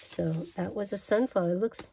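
Gushing woman with a gravelly voice. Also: medium pitch, moderate pace, warm tone, slight background noise. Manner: gushing, chatty, self-correcting. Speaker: craft vlogger showing a haul. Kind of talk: casual show-and-tell.

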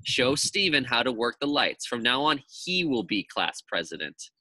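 A man's voice: medium pitch, sing-song, normal speed, bright, forceful tone, exaggerated voice. A man voicing a strict, exacting woman schoolteacher in a raised, emphatic voice. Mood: firm.

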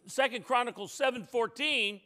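High, bright-voiced man preaching a sermon. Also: normal speed. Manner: emphatic, swings between loud declarations and soft asides; folksy, joking asides to the congregation. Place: church sanctuary.

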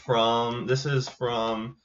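A young man, a peer mentor, reading a ghost story aloud to students at a measured pace, sometimes correcting himself. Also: medium pitch, flat delivery, slight background noise. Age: young adult. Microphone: computer mic on a voice call. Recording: dull lo-fi online call audio.

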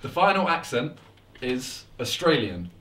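A man announcing challenge rounds to friends in a casual, unhurried way. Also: mid-range voice, sing-song, sharp tone, roomy sound, far from the mic, a little hiss or hum. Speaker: contestant reading out challenges. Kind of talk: casual group banter.

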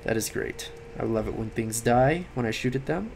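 A tired young man giving late-night game commentary, rambling, swearing and yelling at the game. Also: medium pitch, fairly quick, creaky, few pauses, a little hiss or hum. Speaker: gaming commentator.

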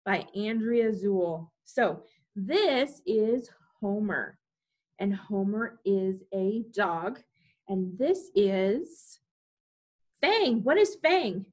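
A woman runs a library storytime, animatedly reading a picture book aloud to preschoolers and speaking to the children directly. Her voice is at medium pitch.

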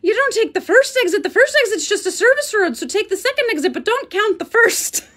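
Brief: woman doing a breezy Irish gas station guy, high, loud and matter-of-fact, mock Irish accent. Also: very animated, brisk, heavily acted. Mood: explaining. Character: cheerful male gas station attendant, Irish.

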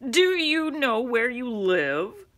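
A loud, scruffy male bus driver from a children's storybook, as a woman reader puts him on, booming and mocking at a raised pitch. He teases in a bright, forceful voice with a lively swing. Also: takes it slowly, heavily acted.

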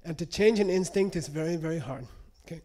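A man's voice: fairly high pitch, quick pace, darkish tone. A man giving a live lecture to an audience, teaching in a conversational way and checking in often with "okay?". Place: lecture room.

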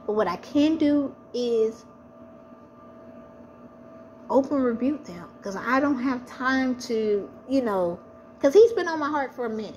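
High-voiced woman giving an earnest testimony. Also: darkish tone, muffled recording, slight background noise. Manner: earnest and emphatic, repeating phrases for stress. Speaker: person sharing her faith testimony. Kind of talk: personal testimony.

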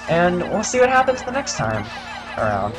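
A man chatting over a co-op game, quick and pushy as he tells his partner what to collect. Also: sits high, huge pitch swings. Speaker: co-op gameplay commentator. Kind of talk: casual gameplay chat. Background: game music.

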